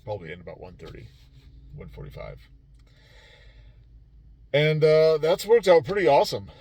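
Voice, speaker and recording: A man's voice: a little high, huge pitch swings, moderate pace, darkish tone, no echo. A man who runs tabletop games at a convention, recapping his weekend in a loose, rambling way with lots of fillers and restarts. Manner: rambling, many fillers and restarts, laughs easily. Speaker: game master at a convention. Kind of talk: casual vlog recap.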